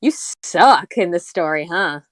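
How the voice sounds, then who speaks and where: Dry-sounding woman, sarcastic co-host, deadpan quips. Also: fairly low pitch, a little slow, no echo. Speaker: co-host commenting. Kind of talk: casual sarcastic chat.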